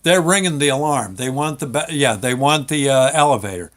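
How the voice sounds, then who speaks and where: A man's voice: medium pitch, lively intonation, fairly quick. A man telling a story from his working life in a casual, rambling way, full of fillers and restarts. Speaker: show host.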